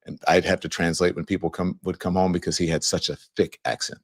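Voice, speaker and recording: A Louisiana man in his fifties with a very low, deep, slightly rough voice hosts his show and speaks straight to viewers in a casual monologue. He tells a relaxed, conversational story at an easygoing pace, loosely phrased and packed with filler words, though his delivery is brisk.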